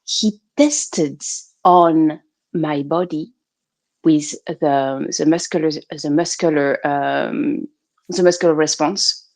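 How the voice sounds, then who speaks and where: A woman from France with a French accent, a guest chatting casually on a video-call talk show, animated and laughing often. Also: deep voice, slow pace, no room sound. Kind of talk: casual interview chat.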